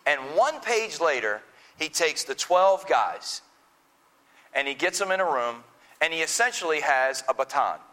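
A male pastor with a bright, fairly high voice, preaching slowly and deliberately. He retells scripture with dramatic pauses and quoted dialogue. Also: sing-song, low-quality recording. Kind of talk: sermon.

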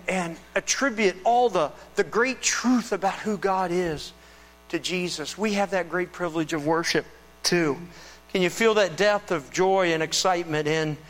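Male pastor telling the story in his sermon, high-ish voice, big echoey hall with hum. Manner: conversational, animated storytelling with restarts. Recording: reverberant hall with mains hum.

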